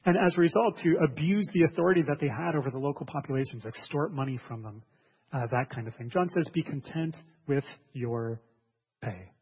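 A pastor preaches a sermon in a fast, slightly rough, higher-pitched voice, earnestly repeating words and putting questions to his listeners. The recording sounds dull, with a long hall reverb.

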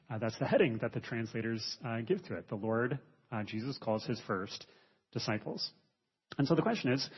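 A man preaching a sermon as pastor, measured and explanatory, with frequent hesitant fillers. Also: mid-range voice, husky. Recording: muffled sound with long hall reverb.

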